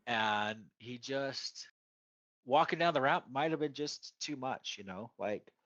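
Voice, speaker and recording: A man's voice: mid-range voice, slow, fairly bright tone, no echo, lo-fi sound. A man co-hosting a casual wrestling chat, rambling with lots of fillers and restarts. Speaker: podcast co-host.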